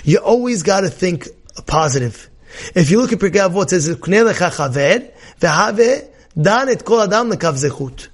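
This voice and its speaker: A man with a notably high voice delivers a Torah class as a sermon. He talks with animation, repeats key phrases and slips into little acted-out voices of worried people. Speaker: rabbi.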